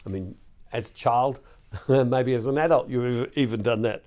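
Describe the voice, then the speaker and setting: Measured in pace, this man's mid-range, slightly mellow voice carries a heartfelt Catholic devotional sermon. He pleads with his audience, repeats words frequently and becomes emotional at times.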